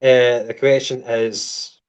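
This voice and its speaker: A man's voice: medium pitch, flat delivery, takes it slowly, clear, resonant tone. A Scottish man hosting a casual fan podcast, dry and teasing as he steers the talk. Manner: dry, teasing, wraps things up. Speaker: podcast host.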